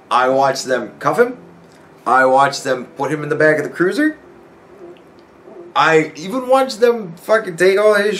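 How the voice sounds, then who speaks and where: Profane, animated man telling a story. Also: a little high, a little hiss or hum. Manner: profane, animated, laughs often. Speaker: podcast host. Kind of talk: casual storytelling rant.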